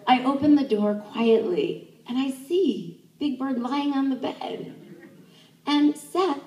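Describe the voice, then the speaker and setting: A young woman tells a personal story, her slightly high voice leaping up whenever she acts out her own thoughts. She sounds set back from the microphone, in a reverberant room. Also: a little slow. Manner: animated, acts out her own inner thoughts in jumps of pitch. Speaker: sex educator. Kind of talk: live first-person storytelling. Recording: roomy, distant stage mic.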